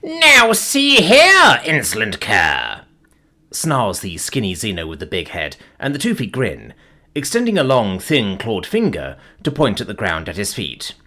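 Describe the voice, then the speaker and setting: A man narrating a science fiction story in a scripted, expressive way. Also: fairly low pitch, normal speed.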